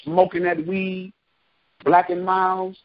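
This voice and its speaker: This street preacher's high voice stays level and slow on a muffled recording. He reads verses aloud from scripture and then drops into slangy, casual asides.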